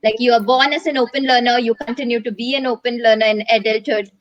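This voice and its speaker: A woman host with a fairly high voice leads a relaxed conversation. She listens closely, sums up her guest's points and asks follow-up questions. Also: fast talker, lo-fi sound. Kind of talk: casual conversation.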